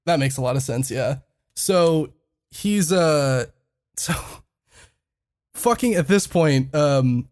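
A man's voice: fairly high pitch, a little mellow. A young man casually telling a funny story on a podcast, swearing freely and laughing often as he talks. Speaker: podcast host.

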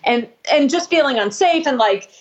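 A woman musician telling stories in a casual interview, rambling and swearing, acting out quotes in a higher voice. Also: lively intonation, normal speed, muffled recording. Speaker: musician guest.

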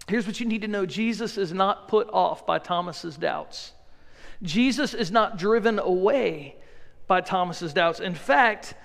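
High, gravelly-voiced preaching man. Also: big-room sound. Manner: conversational, earnest preaching with repeated phrases. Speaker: pastor. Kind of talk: sermon. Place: church sanctuary.

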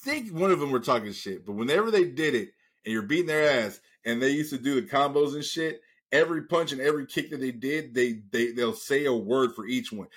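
A man's voice: mid-range voice, expressive, fairly quick, few pauses, fairly bright tone, breathy edge. A man hosting a podcast, telling a long profane story in casual chat and acting out the voices of the people in it. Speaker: podcast host.

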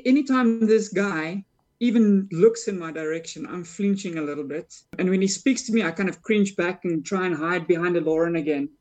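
A woman's voice: on the low side, normal speed, darkish tone. A woman playing a tabletop game, casually describing her character's actions. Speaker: player.

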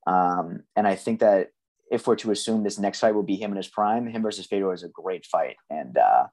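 A man with a fairly low voice talks through fight predictions on a casual podcast. He sounds measured and analytical, pausing on frequent ums as he weighs each side. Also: a little mellow. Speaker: podcast co-host.

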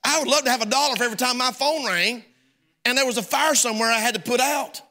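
A man's voice: extremely high pitch, fast talker, bright, forceful tone, in a large hall. A man preaching a sermon as pastor, telling a folksy story and acting out both sides of a conversation. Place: church sanctuary.

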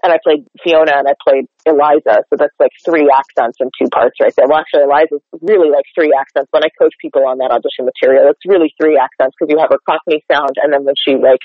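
A woman's voice: low voice, fairly even intonation, fast talker, hardly any pauses, no room sound. A woman from North Texas, a dialect coach, chatting in a casual interview with lots of "like" fillers. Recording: dull lo-fi sound, dry.

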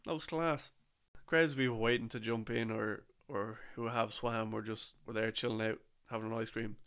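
Chatty young man with a gravelly voice. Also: lowish voice, steady tone, normal speed, a bit bright. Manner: chatty, rambling, with slang and restarts. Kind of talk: casual storytelling about a trip.

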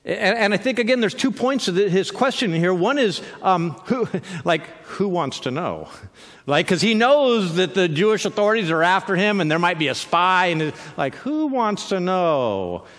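A man's voice: high-pitched, expressive, normal speed, fairly bright tone, long reverb tail. A man preaching a sermon as pastor, conversational and with joking asides.

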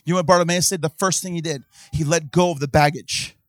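A man preaching a sermon in church, swinging from hushed talk to impassioned shouting and calling out to the congregation. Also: on the high side, fairly even intonation, fast, dry recording, studio quality. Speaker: pastor.

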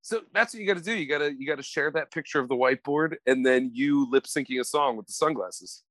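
A man's voice: a little high, fast, no echo. A young adult man co-hosting a podcast, telling funny stories in casual chat and laughing often. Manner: animated storyteller who laughs a lot and acts out quoted voices. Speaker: podcast co-host.

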